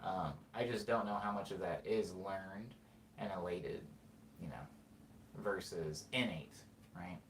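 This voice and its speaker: A man's voice: sits low, unhurried, a little hiss or hum. Rambling man in an echoey room. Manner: rambling, filler-heavy, self-correcting. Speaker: podcast host. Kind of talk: casual monologue. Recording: echoey room with faint ambience.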